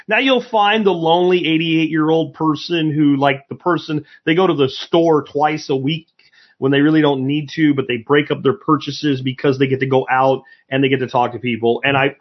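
A man's voice: medium pitch, lo-fi sound. A man hosting a solo podcast, blunt and opinionated, swearing casually as he rants. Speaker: podcast host.

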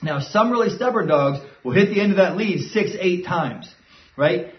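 A man's voice: high-pitched, expressive, moderate pace. A man who trains dogs gives a casual, step-by-step lesson and often checks in with "right?". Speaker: dog trainer. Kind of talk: instructional talk. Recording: dull, roomy sound from a distant mic.

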